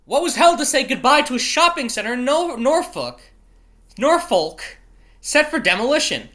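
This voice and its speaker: Extremely high-pitched, very animated, fast, pushed and bright, a man who isn't British hosts a casual solo show reading news quiz questions. He interrupts himself, swears frequently in exasperation, and trips over place names.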